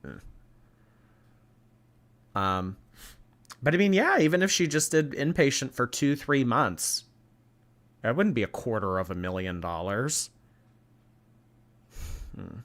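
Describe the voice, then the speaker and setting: A man's voice: medium pitch, big pitch swings, slow, long pauses, a bit bright. A man hosting a live-stream commentary, blunt, sarcastic and profane as he reacts and thanks his chat.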